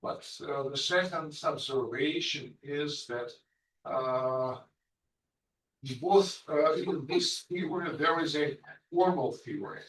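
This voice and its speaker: A man speaks up from the audience of a lecture, working slowly through a technical point with many pauses and fillers. His voice is mid-pitched and distant from the microphone. The hall around him adds a noticeable echo. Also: a bit bright. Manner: slow, halting, many fillers. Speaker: audience member asking a question. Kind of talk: question after a lecture. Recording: echoey hall, voice from far off.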